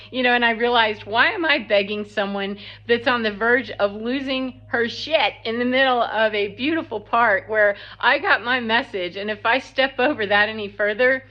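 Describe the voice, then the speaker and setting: A woman telling a story in a casual, blunt, animated monologue that acts out what people said. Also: on the high side, moderate pace. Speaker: spiritual vlogger. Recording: slightly dull lo-fi sound.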